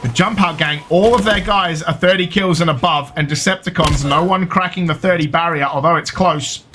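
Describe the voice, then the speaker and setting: Bright-voiced southern English esports caster. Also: male voice, on the high side, faint music behind. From southern England. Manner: rapid excitable play-by-play, jokey. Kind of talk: live esports commentary.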